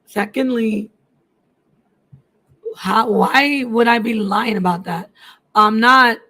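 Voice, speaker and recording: A middle-aged woman with a bright, slightly high voice speaks slowly and forcefully on her casual live stream. Chatty with viewers, she shifts languages back and forth as she answers their comments.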